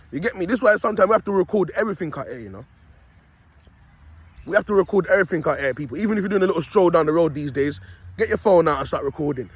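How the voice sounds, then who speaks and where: This self-styled prophet vlogger is a young man out walking his dog, filming on his phone as he preaches in a rambling way. His voice is a little high, expressive and breathy-edged, and he talks fast with no echo, repeatedly tacking on "you get me" and "people."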